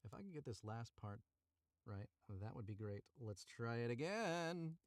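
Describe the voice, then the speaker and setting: Mid-range in pitch, very animated yet unhurried, his voice comes through in a dry recording. The voice actor reads a story aloud on a live stream from a cramped booth, chatting to viewers and correcting himself by redoing lines.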